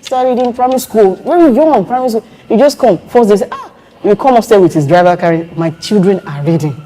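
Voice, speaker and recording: A woman's voice: a little high, fast, a little hiss or hum. A woman telling stories in a casual conversation, acting out the voices she quotes. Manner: animated storytelling, acts out quoted voices.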